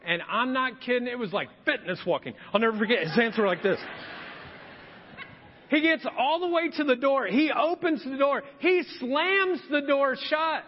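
A man's voice: very high-pitched, expressive, normal speed, a little hiss or hum. A male pastor delivering a humorous storytelling sermon, acting out scenes in quoted voices. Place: church sanctuary. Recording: dull lo-fi sound with long hall reverb.

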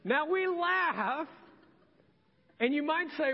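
A middle-aged man preaching a sermon as a pastor, telling stories in an animated, conversational way. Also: high-pitched, unhurried, a little hiss or hum. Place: church sanctuary. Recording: dull sound with long hall reverb.

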